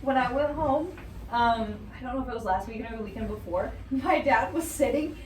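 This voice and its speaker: A woman's voice: fairly high pitch, a little fast, a little mellow. Giggly young woman host in a roomy space. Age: young adult. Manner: giggly, chatty, says "like" and "bro" a lot. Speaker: podcast host. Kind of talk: casual chat. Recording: roomy sound, mic at a distance, faint noise.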